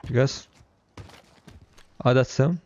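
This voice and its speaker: A man streaming a shooter game, chatting loudly with his squad, joking, swearing and switching between languages. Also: medium pitch, takes it slowly, highs cut off. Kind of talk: casual gaming chat with squad.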